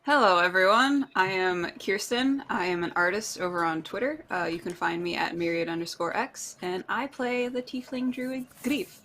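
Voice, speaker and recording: Bright-voiced woman player. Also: mid-range voice, normal speed, a little hiss or hum. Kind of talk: casual chat.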